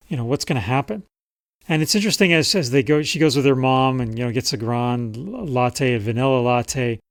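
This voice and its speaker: A man's voice: mid-range voice, no room sound, clean studio sound. A man talking casually as a writing coach, explaining memoir writing and reading passages from a client's work. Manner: conversational, reads passages aloud from a client's memoir. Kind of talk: casual teaching talk.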